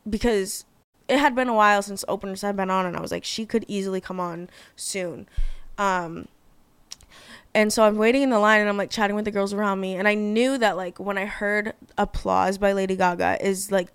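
Young woman, podcast host, casual gushing chat, lots of fillers, mid-pitched voice, dry close sound. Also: fairly even intonation, a little fast, smooth, no room sound. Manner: chatty and gushing, heavy on fillers, swears casually.

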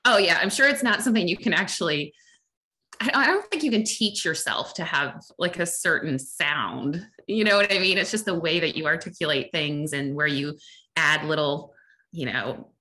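A woman in her forties with a Southern American accent chats as a guest on a podcast. Her voice sits low but sounds bright and forceful. She talks in long, rambling stretches and laughs easily. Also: normal speed. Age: 40s. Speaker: strength and conditioning coach. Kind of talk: casual podcast interview.

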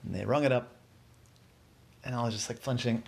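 Casual male storyteller, gravelly, meandering and unscripted. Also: medium pitch, fairly quick. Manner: rambling, filler-heavy.

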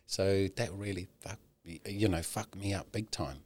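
A middle-aged man, a podcast guest, candidly telling a personal story, swearing often and halting with many "you know"s. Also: low-pitched, steady tone, darkish tone.

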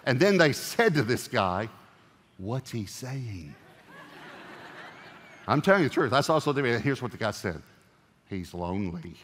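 A man preaching a sermon as pastor, animated and joking, swinging from loud punchy lines to hushed earnest ones. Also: medium pitch, fast, few pauses, in a large hall, slight background noise.

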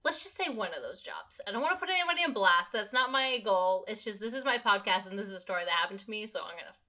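A woman's voice: medium pitch, quick pace. A young woman hosting a podcast, telling a work story in casual chat and acting out what people said. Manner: animated storyteller, acts out quotes. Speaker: podcast host.

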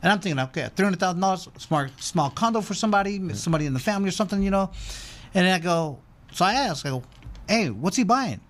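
Animated man telling a rambling story. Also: high voice, fast. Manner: rambling animated storyteller, acts out quoted voices. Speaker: former boxer, guest. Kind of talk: casual storytelling interview.

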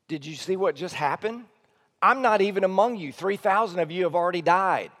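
A man, a teaching pastor, preaching an earnest, emphatic sermon that swings between soft low lines and loud high ones. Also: animated, brisk. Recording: long hall reverb.

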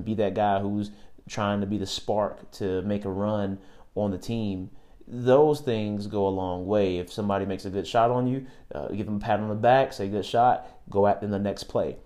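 A man's voice: on the low side, moderate pace, warm tone. A man hosting a podcast, giving basketball tryout tips in a direct coaching manner and repeating key words. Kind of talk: casual advice monologue.

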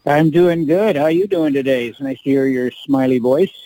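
A middle-aged man, a guest on a radio show, talking haltingly with many fillers and small jokes. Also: mid-range voice, warm tone, no room sound, poor audio. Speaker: political club representative, radio guest. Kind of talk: casual radio interview.

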